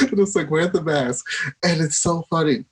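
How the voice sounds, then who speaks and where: A man with a fairly high speaking voice chats as a guest on a podcast. He talks with enthusiasm, laughs easily and often starts over mid-sentence as his thoughts race ahead. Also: unhurried, slightly rough. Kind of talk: casual conversation.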